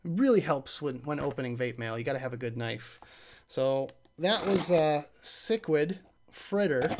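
A young man talks to his live-stream viewers in a loose, rambling way. His voice sits a little high for a man. He reacts aloud, trails off and restarts as he opens and tries the mail he was sent. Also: animated, normal speed, a little hiss or hum. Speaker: host of a live vape review show. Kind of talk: casual live-stream chat, unboxing mail.

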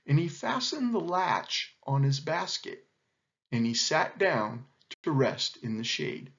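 A man reading a children's animal story aloud in an expressive, animated way. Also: on the high side, slow pace. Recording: dull lo-fi recording.

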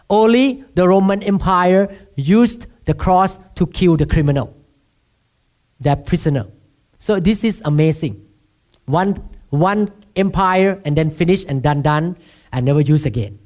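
A man's voice: sits high, darkish tone. A man from Thailand with a Thai accent, preaching a sermon as pastor and regularly asking the congregation to answer back. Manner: asks the congregation for responses, self-deprecating humor.

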